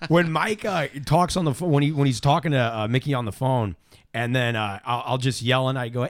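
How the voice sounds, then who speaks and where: A man's voice: medium pitch, brisk, fairly bright tone, no echo. A man hosting a casual podcast, rambling and joking with lots of fillers. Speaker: podcast host.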